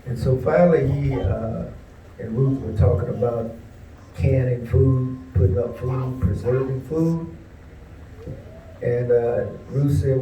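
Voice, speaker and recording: A man telling a personal story at a tribute, unhurried and folksy, with frequent pauses and fillers. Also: medium pitch, steady tone, mellow. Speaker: speaker at a memorial tribute. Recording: roomy, distant mic, faint background noise.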